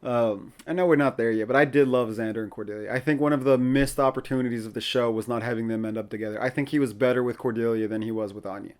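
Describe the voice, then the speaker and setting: A man's voice: medium pitch, steady tone, fast, few pauses. Male podcast host, casual opinionated recap, mid-range voice, laughs easily. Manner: chatty, opinionated, laughs often.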